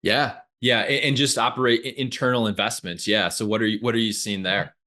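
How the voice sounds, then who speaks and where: A male podcast host with a lowish voice and a bright, forceful edge. He speaks in brief, halting turns to steer the conversation. The audio comes over a remote call. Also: steady tone. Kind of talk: casual podcast hosting.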